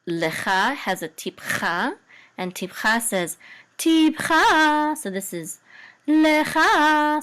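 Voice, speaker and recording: Slow, hesitant woman teaching chant. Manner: hesitant, many ums and self-corrections; breaks into higher, louder chant on trope names. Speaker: Hebrew and Torah chanting teacher. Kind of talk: casual lesson with chanted examples.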